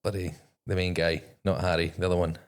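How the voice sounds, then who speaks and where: A man in his thirties with a Scottish accent softened by years in Australia, chatting casually as a podcast guest, swearing freely and laughing often. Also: low voice, flat delivery, fast. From Scotland. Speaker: podcast guest, navy veteran. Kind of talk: casual chat.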